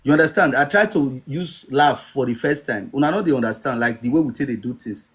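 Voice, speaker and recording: A man's voice: medium pitch, brisk, breathy edge. A man with a Nigerian accent talking in a casual live stream, insistent and often asking if he is understood. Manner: insistent, repeats "you understand?".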